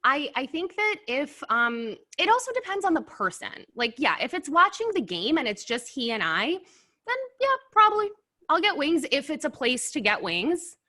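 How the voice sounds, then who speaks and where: A woman hosting a casual chat while tasting wings, animated and blunt, sometimes talking with her mouth full. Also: high voice, moderate pace, hardly any pauses. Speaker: host. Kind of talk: casual food review chat.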